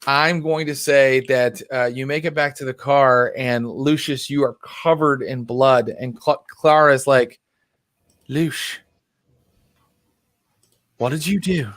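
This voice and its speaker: A man's voice: mid-range voice, fairly even intonation, unhurried, few pauses, fairly bright tone, no room sound. A man running a tabletop role-playing game as storyteller, narrating in a loose, chatty way with fillers.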